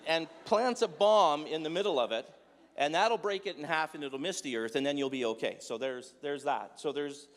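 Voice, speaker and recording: A man giving a humorous sermon in a conversational, joking way, full of rhetorical questions. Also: on the high side. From Dutch heritage. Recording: echoey hall with long reverb.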